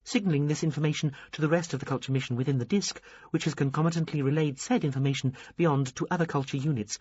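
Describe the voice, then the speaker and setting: A fussy, pompous little alien officer, voiced by a man in a raised, stiff register. He speaks in formal bureaucratic phrases. The take is dry and husky with a dull, lo-fi sound. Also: no room sound. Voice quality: high, stiff bureaucratic delivery. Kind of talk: audiobook character reading.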